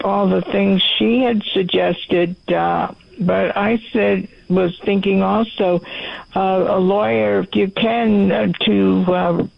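A woman calling in to a radio show, hesitant and halting, with a gravelly voice. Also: medium pitch, dry recording. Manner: hesitant, halting with many fillers. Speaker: caller. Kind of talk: call-in radio chat. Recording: muffled phone line.

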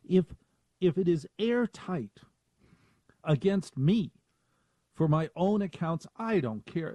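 A man hosting a radio talk show, rambling and self-mocking, with animated asides, in a studio. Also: high-pitched, takes it slowly, pauses often, no room sound.

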